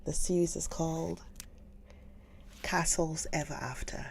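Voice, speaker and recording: Low, gravelly woman chatting softly. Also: little pitch movement, unhurried, slight background noise. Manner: often drops into a soft whisper; chatty and gushing about books. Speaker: livestream book reader host. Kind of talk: casual livestream chat.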